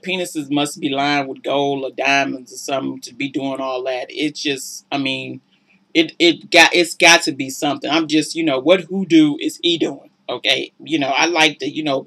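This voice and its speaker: A woman's voice: sits low, a bit bright. A woman giving casual, sassy and preachy commentary on a reality show, exasperated with the people in it. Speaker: relationship commentator.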